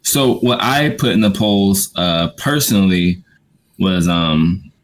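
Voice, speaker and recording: A man's voice: deep voice, lively intonation, slow pace. A man co-hosting a casual podcast chat, laid-back and slangy. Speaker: podcast co-host.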